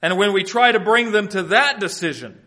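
A man preaching a sermon as pastor, swinging between loud, emphatic points and quiet asides, and explaining Greek wording in a teacherly way. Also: high voice, expressive, normal speed.

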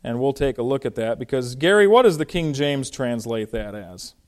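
A man teaching through a Bible passage verse by verse in a conversational, animated way, with frequent fillers and restarts. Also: medium pitch, normal speed. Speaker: pastor.

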